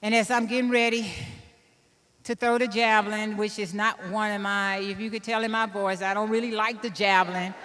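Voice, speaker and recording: A woman in her fifties from Illinois giving a keynote speech, telling a personal story in an animated way and laughing at herself. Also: mid-range voice, moderate pace, big-room sound. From Illinois, USA. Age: 50s. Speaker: keynote speaker.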